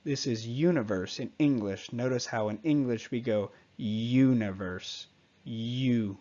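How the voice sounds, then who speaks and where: A man teaching a Spanish pronunciation lesson, patiently repeating each example word slowly and clearly. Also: medium pitch, dark tone, highs cut off.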